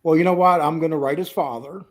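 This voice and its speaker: A man's voice: fairly high pitch, fairly even intonation, quick pace. A man hosting a loose live-stream talk over a call. He rambles through his points in a teasing, joking way, with many "uh"s and restarts. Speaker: host. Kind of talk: casual live-stream chat.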